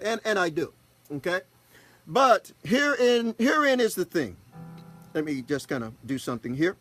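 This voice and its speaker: A man's voice sits high, very animated and fairly bright, moving at a moderate pace as faint music plays behind. He's a Texas pastor and broadcast host telling a personal story with a folksy, casual touch, repeatedly asking "okay?"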